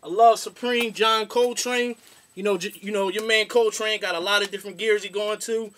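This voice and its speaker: A man's voice: high-pitched, steady tone, moderate pace, fairly bright tone. A young man hosting a boxing show, giving a casual, slangy, rambling rant.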